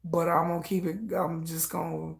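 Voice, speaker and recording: A woman giving casual live reaction commentary, gossiping in an animated way and acting out quoted lines. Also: lowish voice, normal speed, creaky.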